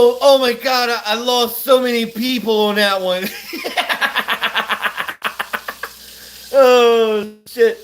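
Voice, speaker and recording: Rambling man with a high voice. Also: slight background noise. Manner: loose, rambling, drawling, laughs often. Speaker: livestreamer. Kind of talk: casual livestream chat. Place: at home, cooking. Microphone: phone. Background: food frying and sizzling.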